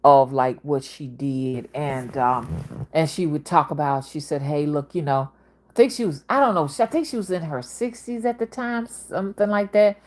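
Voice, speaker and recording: A woman's voice: low voice, normal speed, a little mellow. A woman in her fifties with a Southern accent, talking in a casual, rambling monologue that jumps between topics. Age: 50s. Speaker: spiritual reader and channel host.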